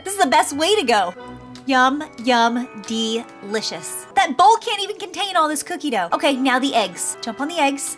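A woman hosting a gaming video, giving excitable, gushing running commentary as she plays. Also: high voice, normal speed, soft background music. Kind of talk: gameplay commentary.

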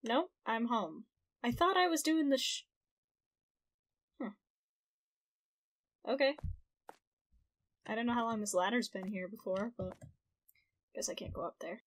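Slow-talking woman gaming commentary. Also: a little high. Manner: casual, swearing, reacting aloud. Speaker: gaming streamer. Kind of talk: let's play commentary.

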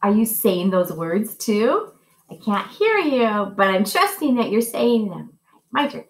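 A woman music teacher giving a lesson to young children, speaking slowly and patiently and chanting rhythm syllables. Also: medium pitch, sing-song, echoey room.

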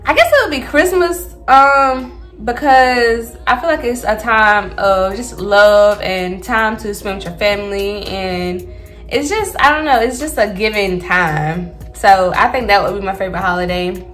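A woman's voice: medium pitch, unhurried, fairly bright tone, soft background music. A woman of twenty-five from Alabama with a Southern accent, chatting casually through a get-to-know-me Q&A and often saying y'all. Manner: chatty, says y'all often, laughs between answers. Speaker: vlogger.

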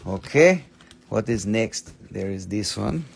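A man's voice: fairly low pitch, lively intonation, slow pace, gravelly, a little hiss or hum. A man selling stones on a live shop stream, in joking patter with playful broken English. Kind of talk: live sales pitch.

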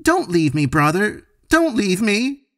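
A sickly little boy, as a man puts him on, speaking high, soft and whimpering, always timid and pleading. The voice keeps a gravelly grain under the thin tone. It sits close and dry, with no room around it. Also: huge pitch swings, a little slow, dry recording, full character voice. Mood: tearful.

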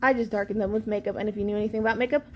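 A woman in her thirties, a vlogger telling a sassy, animated storytime about an outing with her kids. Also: mid-range voice, racing, slight background noise. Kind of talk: storytime vlog.

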